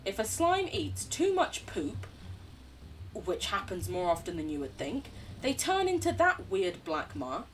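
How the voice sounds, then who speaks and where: A young woman streaming a game, chatting casually and warmly to her chat. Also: on the high side, far from the mic, slight background noise. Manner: chatty, bubbly, talks to chat. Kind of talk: casual gameplay commentary.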